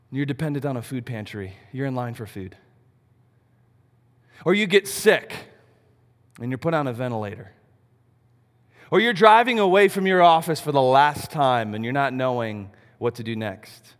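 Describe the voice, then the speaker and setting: A man preaching a sermon, animated, asking rhetorical questions and swinging between loud and soft. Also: medium pitch. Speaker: pastor. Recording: long reverb of a large hall.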